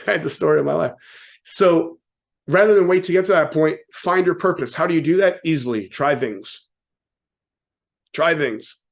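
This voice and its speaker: A man giving a casual, joking motivational talk to an audience, often asking "right?" and acting out quotes with sudden voice changes. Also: a little high. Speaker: motivational speaker.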